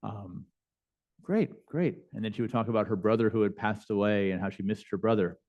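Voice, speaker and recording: A man with a lowish voice tells stories from his chaplain work during a lecture. He speaks conversationally, with many fillers and false starts. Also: fairly quick, darkish tone, highs cut off. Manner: conversational, with frequent fillers and restarts. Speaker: bishop and chaplain. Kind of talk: lecture storytelling. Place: lecture hall.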